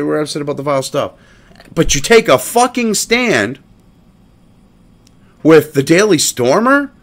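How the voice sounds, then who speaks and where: A man hosting a commentary show, ranting profanely and mocking a statement as he reads it aloud. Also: high voice.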